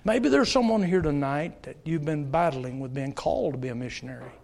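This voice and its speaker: A middle-aged male preacher with a notably high voice delivers a sermon in church. He talks in an earnest, pleading way, telling stories and urging his listeners directly. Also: lively intonation, brisk, vocal fry, darkish tone, a little hiss or hum. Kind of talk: sermon with altar call. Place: church service.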